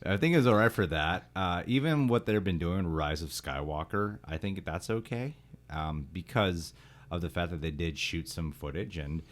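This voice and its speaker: A man's voice: low-pitched, normal speed. A man hosting a casual movie podcast, talking loosely with restarts and frequent laughter. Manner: laughs often, rambling with restarts. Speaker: podcast host.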